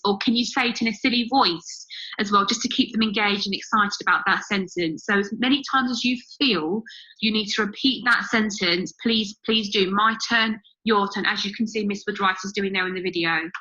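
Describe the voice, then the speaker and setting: Bright-voiced woman teacher explaining. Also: medium pitch, dull audio. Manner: steady step-by-step explaining with fillers. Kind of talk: explaining a method to parents.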